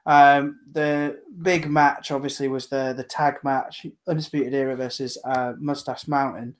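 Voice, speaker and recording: A man recapping matches in casual chat, hesitant with many pauses and ums. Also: mid-range voice, flat delivery. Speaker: podcast co-host.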